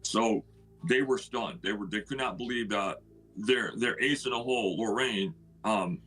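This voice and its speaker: Middle-aged male homeowner, raspy low voice, forceful storyteller. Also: unhurried, soft background music. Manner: animated, retells others' words with "he goes". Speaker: homeowner telling his story. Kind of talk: casual storytelling.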